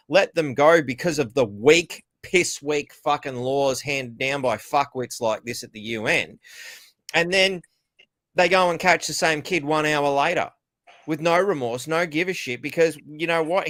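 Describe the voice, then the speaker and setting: A man's voice: a little high, fairly bright tone, no room sound. An Australian man co-hosting a podcast, ranting sarcastically and swearing in casual political chat. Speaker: podcast co-host.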